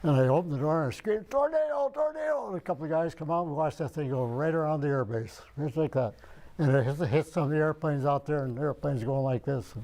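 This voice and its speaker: Old guy from michigan remembering stuff out loud, warm dark voice, wanders a bit. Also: on the high side, steady tone, fast. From Michigan, United States. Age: older. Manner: rambling, searches his memory aloud. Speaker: veteran interviewee. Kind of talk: oral history interview.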